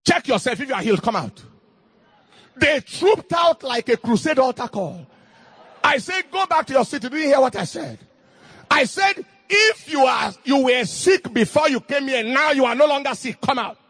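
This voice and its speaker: A middle-aged man preaching a fervent sermon in King James cadence, rising into shouted bursts. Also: extremely high pitch, breathy edge, no echo.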